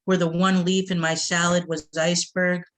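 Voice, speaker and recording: A woman from the Boston area reading her poems aloud at a poetry event, with a measured delivery and short asides to the audience. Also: on the low side, flat delivery. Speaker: poet reading her work.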